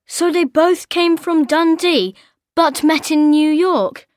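A woman's voice: very high voice, slow pace. A woman asking curious follow-up questions in a scripted language-course dialogue. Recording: dry studio recording.

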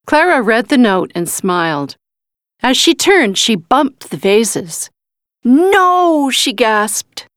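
A woman narrating a storybook with slow, deliberate pacing and a mid-range voice. The sound is dry and close, with no room around it. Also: mid-range voice, sing-song, fairly bright tone, dry recording. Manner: slow, careful, clear reading. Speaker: reader. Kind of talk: storybook reading.

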